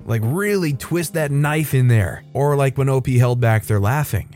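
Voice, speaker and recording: The host of a storytelling show reads online stories aloud from a script, raising his voice to act out the quoted lines. His medium-pitched voice is expressive and a little mellow, moving at a moderate pace with hardly any pauses while faint music plays behind.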